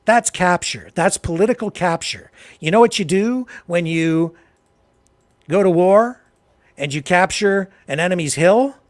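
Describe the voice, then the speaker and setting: A Canadian man hosting a political talk show, delivering impassioned commentary that swings from low, quiet remarks to loud, emphatic outbursts. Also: a little slow. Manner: heated, addresses a co-host directly.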